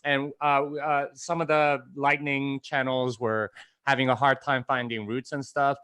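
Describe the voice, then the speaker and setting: Smooth-voiced man explaining on a podcast. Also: medium pitch, little pitch movement, a little slow, sharp tone, no room sound. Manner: loose, filler-heavy explaining. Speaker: podcast guest, developer. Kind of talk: casual chat.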